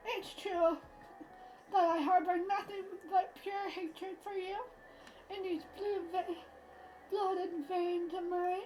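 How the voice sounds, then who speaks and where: A woman's voice: very high-pitched, flat delivery, takes it slowly, darkish tone, rough recording. A woman voicing a haughty, spiteful noblewoman with a scornful, theatrical delivery, music playing underneath. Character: haughty spiteful noblewoman, blue-blooded and cruel.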